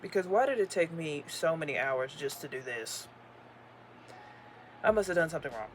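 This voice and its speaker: A young woman crafting and chatting to the camera in her bedroom, expressive, moving between weary grumbling and excited squeals. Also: deep voice, normal speed, over loud music. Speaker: crochet vlogger. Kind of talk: casual craft vlog, talking to camera.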